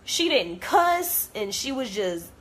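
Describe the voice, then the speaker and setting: Speaking slowly but very animatedly in a voice on the high side, a young woman vlogs directly to the camera in a heated, hurt rant. She is blunt and swears a lot.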